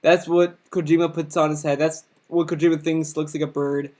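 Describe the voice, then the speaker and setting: A man with a slightly high pitch rambles through a comedic rundown of characters. His talk is crude and profane, full of fillers and restarts, and he mocks each one with sarcastic quoted voices. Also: flat delivery, darkish tone. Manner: mocking, puts on quick sarcastic quoted voices. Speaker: video host.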